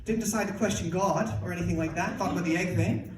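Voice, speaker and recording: A man in his thirties from Canada doing stand-up comedy on a club stage, excitable and animated, often bursting into shouts. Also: sits high, fast talker. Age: 30s. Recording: echoey club from far off, loud crowd laughter. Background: audience laughter.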